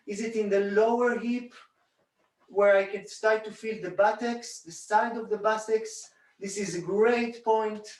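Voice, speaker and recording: Man teaching with roomy distant sound. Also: sits high. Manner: calm, repeats rhythmic sounds while working. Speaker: bodywork teacher. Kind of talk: demonstrating a hands-on technique. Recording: roomy echo, distant from mic.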